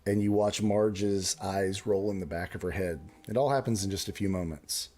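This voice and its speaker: A man's voice: deep voice, steady tone, moderate pace, mellow. A man narrating as game master in a casual, rambling way.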